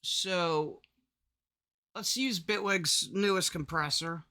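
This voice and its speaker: A man's voice: sits high, slow. A man casually walking through his audio recording setup in a rambling screen-recorded tutorial, restarting sentences as he goes. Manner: rambling, restarts often, demonstrates his loudness levels. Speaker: content creator explaining audio setup.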